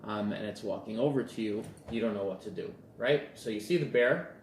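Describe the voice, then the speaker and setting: A man's voice: fairly low pitch, brisk, slight background noise. Man coaching on relationships, roomy sound. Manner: storytelling with acted-out dialogue. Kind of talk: casual talk to camera.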